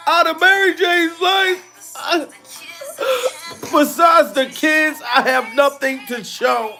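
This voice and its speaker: A man in his forties doing a comedic reaction, loud and profane, with exaggerated fake sobbing broken by laughter. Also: very high voice, slow pace, vocal fry, soft background music. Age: 40s. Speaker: comedy vlogger. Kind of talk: comedic mock-crying reaction.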